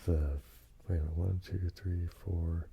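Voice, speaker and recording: An older man hosting a soft-spoken ASMR show and tell, slipping into whispers and rambling with tag questions. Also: low-pitched, flat delivery, unhurried, creaky, breathy edge. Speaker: ASMR host.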